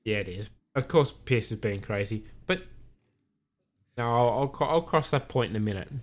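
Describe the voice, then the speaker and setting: A man's voice: medium pitch, lively intonation, moderate pace. A man hosting a podcast, casually recapping an episode, with frequent "uh"s and quoted lines. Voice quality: filler-heavy recap with acted quotes. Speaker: podcast host.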